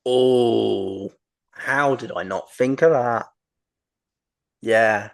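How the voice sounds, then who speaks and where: A man's voice: medium pitch, drawn-out words, gravelly. A man hosting a wrestling podcast, chatting casually and enthusiastically, with lots of ums and restarts. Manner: rambling, enthusiastic, frequent ums. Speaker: podcast host.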